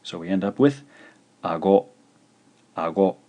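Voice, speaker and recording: Slow, deep-voiced male language teacher. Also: expressive, mellow. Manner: slow, careful pronunciation of syllables with repetition. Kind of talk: scripted video lesson.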